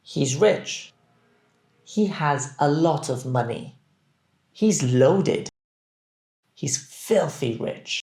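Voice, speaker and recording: A man teaching English, reading phrases deliberately and clearly so that learners can repeat them. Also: fairly high pitch, animated, darkish tone. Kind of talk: scripted language drill. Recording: roomy echo.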